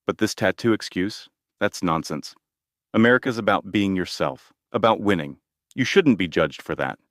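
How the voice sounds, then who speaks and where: A man's voice: deep voice, animated, normal speed, no room sound, clean studio sound. A man reading the lines of a blunt, boastful older male president, in a direct manner full of superlatives. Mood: insistent.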